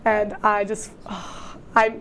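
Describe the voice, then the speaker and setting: Young woman, student co-host, rambling casual chat, filler-heavy, mid pitch, faint background hiss. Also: completely flat delivery, slow pace, fairly bright tone. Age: young adult. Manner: chatty, rambling, many "like" fillers. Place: campus TV studio.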